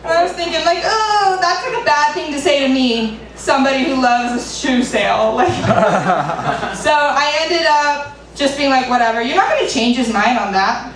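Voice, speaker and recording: A woman's voice: high-pitched, expressive, normal speed, recorded from a distance. A woman doing an open mic stand-up set, chatty with lots of "like" asides. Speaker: stand-up comedian. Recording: very echoey room, mic from afar, faint noise.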